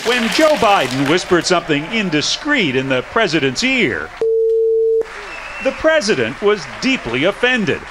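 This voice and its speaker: A man's voice: high voice, sing-song, unhurried, a loud crowd. Wry male news reporter over music.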